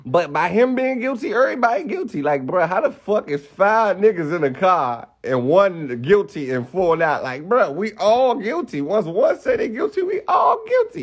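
A young man ranting on a phone live stream, heated and profane, firing off rhetorical questions. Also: fairly high pitch. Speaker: livestreamer.

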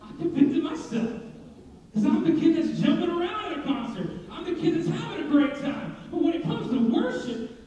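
A man's voice: extremely high pitch, expressive, a little fast, dark tone. A young man preaching a sermon in a church, joking and asking the congregation questions. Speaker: pastor. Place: church sanctuary. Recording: echoey hall, distant dull mic.

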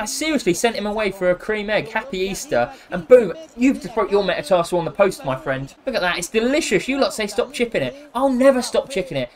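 A young man with a slightly high voice talks through a football game as he plays it. He is excitable and jokey, cheering his players one moment and scolding them the next. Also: fairly quick. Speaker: gaming YouTuber. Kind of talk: live gameplay commentary.

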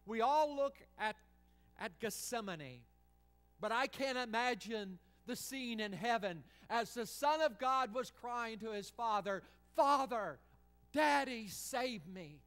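Male senior pastor, sermon delivery, high clear voice, swings between pleading and hush. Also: unhurried. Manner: impassioned, swings from loud pleading to hushed.

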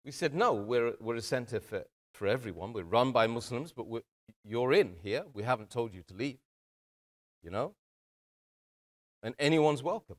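Male speaker, mid pitch, earnest community talk, addresses the crowd directly. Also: animated, normal speed, long pauses. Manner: earnest, addresses audience as brothers and sisters. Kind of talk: motivational talk.

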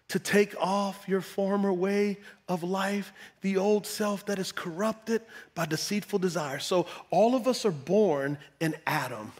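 Pastor guy preaching hard, kinda high voice, repeats stuff, gets loud then goes quiet. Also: slightly rough, in a large hall. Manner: dynamic preaching, swinging from loud exclamations to hushed tones; repeats words for emphasis. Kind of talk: sermon.

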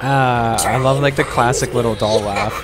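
A man streaming a horror game, reacting loudly and jumpily with frequent cursing and laughter. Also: mid-range voice, fairly even intonation, normal speed. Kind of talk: live gameplay commentary. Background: game music.

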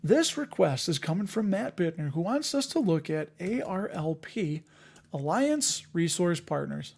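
A man's voice: sits high, sing-song, unhurried, vocal fry, darkish tone, breathy edge. A man hosting a casual live stream about investing, chatting with viewers, joking at himself and thinking aloud with many fillers. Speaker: host of a dividend investing live show.

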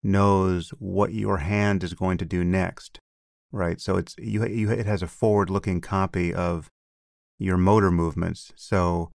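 Deep gravelly-voiced man explaining carefully. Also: level tone, a little mellow, dry recording, studio quality. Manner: measured, explanatory, with frequent restarts. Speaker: podcast co-host. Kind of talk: casual conversation.

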